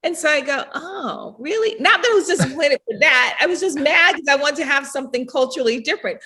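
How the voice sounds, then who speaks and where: A middle-aged woman with a high voice talks fast as a podcast guest, telling stories in casual chat. She's animated and laughs often while acting out what people said.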